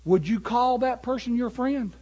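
A man preaching a sermon, animated and building to emphatic peaks. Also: very high-pitched, moderate pace, dull audio.

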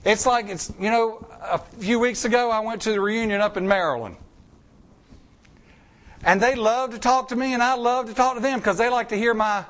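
A man's voice: normal speed, fairly bright tone. A male pastor preaching a sermon in a folksy, conversational way. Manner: folksy, conversational preaching with wide pitch swings.

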